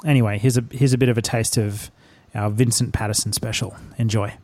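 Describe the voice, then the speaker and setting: A man's voice: on the low side, fairly even intonation, fairly quick, a little mellow. A man hosting a podcast, introducing an interview and asking questions in an earnest, admiring way. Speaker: podcast host.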